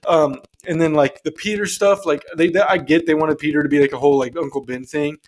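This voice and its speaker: A man with a somewhat high voice talks his way through a casual film review podcast. He rambles, restarts his sentences and leans on fillers. A faint noise sits under the recording. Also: fairly even intonation, fairly quick, a little mellow. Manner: rambling, full of ums and restarts. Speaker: podcast co-host. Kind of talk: casual movie review chat.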